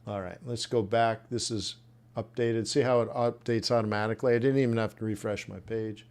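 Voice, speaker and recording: A man's voice: fairly low pitch, fairly even intonation, brisk, darkish tone. A man coaching traders in a live webinar, thinking aloud and reacting bluntly as he reviews trade plans. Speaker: trading coach. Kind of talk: live trading webinar commentary.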